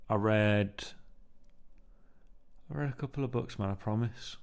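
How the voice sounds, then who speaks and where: Male vlogger with a lowish voice, casual and rambling, heavy on fillers and "man". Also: a little slow, clean tone. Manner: meandering, filler-heavy, keeps saying "man". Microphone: newly bought mic, under test.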